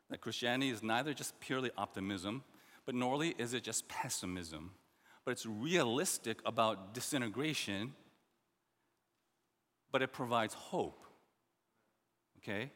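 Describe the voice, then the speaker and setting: A male pastor delivers a sermon in a notably high voice, leaning hard on repeated words and dropping suddenly quiet between stressed lines. His voice carries a long reverb tail, as from a church sanctuary. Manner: emphatic, repeats words, swings from loud to quiet.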